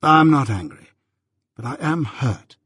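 A man reading an audiobook, voicing a proud, touchy young gentleman who speaks with self-righteous indignation. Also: mid-range voice, animated, a little slow, breathy edge, no echo, studio quality, voice pushed up. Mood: tender.

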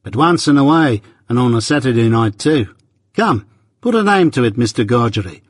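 A man's voice: medium pitch, animated, moderate pace, dry recording, clean studio sound, close to an everyday voice. A man reading the part of a sly, secretive male stranger who asks probing questions.

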